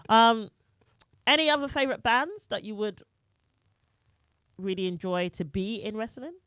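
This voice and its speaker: A woman's voice: on the high side, lively intonation, unhurried, a bit bright, clean tone, dry recording, studio quality. A woman co-hosting a chat podcast, chatty and giggly as she asks the guest questions. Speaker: podcast co-host.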